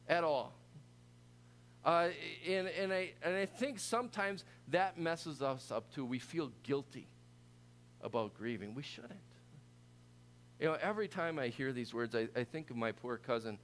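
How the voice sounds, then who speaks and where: A middle-aged man preaching a sermon in a conversational, animated way with frequent restarts. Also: a little high. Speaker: pastor.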